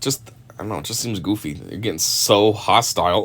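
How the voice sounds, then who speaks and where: A man's voice: fairly low pitch, brisk, fairly bright tone. A man giving casual video commentary, rambling with lots of fillers and frequent chuckles.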